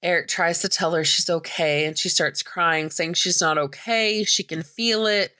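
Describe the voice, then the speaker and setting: A woman's voice: on the low side, steady tone, normal speed, bright, forceful tone, smooth. A woman podcast host casually recapping a movie plot, chatty, full of "like" fillers and casual swearing.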